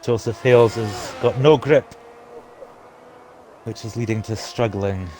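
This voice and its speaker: Slow-talking male race commentator. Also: mid-range voice, a little mellow, a little hiss or hum. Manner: play-by-play calls, reads out chat. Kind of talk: live sim racing commentary.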